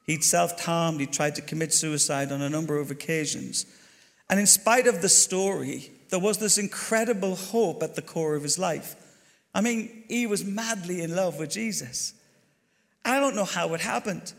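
An Irish man telling a story during his sermon as a pastor, chatty and animated, talking straight to the congregation. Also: high-pitched, moderate pace, creaky. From Ireland. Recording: long hall reverb.

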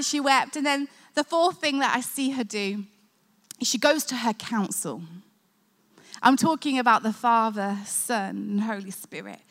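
Woman pastor, earnest conversational sermon, high bright voice, church hall reverb. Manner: earnest, conversational preaching with prayer.

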